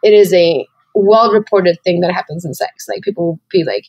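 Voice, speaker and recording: A woman's voice: fairly low pitch, normal speed, darkish tone, husky, no echo. Chatty woman with a dull, dry sound. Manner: rambling, many "like" fillers, reflective. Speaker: podcast co-host. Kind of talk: candid conversational chat.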